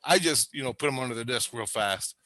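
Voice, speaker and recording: A man's voice: fairly quick, no room sound. A man telling a wild story in casual chat, rambling and swearing, laughing and acting out voices along the way. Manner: animated, laughing, acts out voices with big pitch jumps. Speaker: storyteller recounting experiences.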